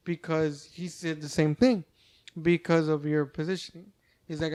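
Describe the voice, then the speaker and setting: A man's voice: a little high, fairly even intonation, normal speed, a little mellow. A man, a stand-up comedian, in casual podcast chat, rambling with frequent swearing and stammered restarts.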